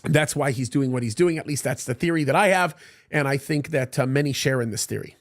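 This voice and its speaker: An earnest male pastor at a church service, stepping in to explain a point to his congregation. He speaks plainly in a middle register, pausing with small fillers as he makes sure people follow. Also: mid-range voice. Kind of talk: sermon interjection.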